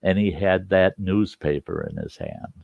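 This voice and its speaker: A deep, gravelly older man spins a folksy yarn, slipping into the voices of the people he quotes. The sound is dry and close but dull and lo-fi. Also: wildly swooping pitch, a little slow, a little mellow, dry recording. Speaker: storyteller host. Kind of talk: casual spoken storytelling. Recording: dull lo-fi recording.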